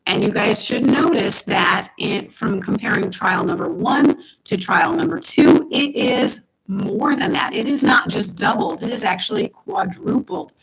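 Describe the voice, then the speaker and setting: A woman's voice: fairly high pitch, fairly bright tone, breathy edge, rough recording. A woman chemistry teacher giving an online class from home, explaining step by step with frequent ums. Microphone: home computer mic on a live stream.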